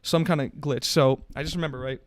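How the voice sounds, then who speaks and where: A young man co-hosting a casual podcast chat, telling an animated story with shouted quotes. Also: fairly high pitch, fast. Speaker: podcast co-host.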